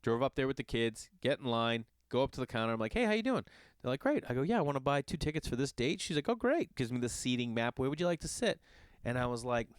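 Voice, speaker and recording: A man who is a father, hosting a podcast and telling a long casual story in an animated, exasperated and profane way. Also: mid-range voice, quick pace, clear, resonant tone, no echo. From Los Angeles area. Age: adult with children. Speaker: podcast host.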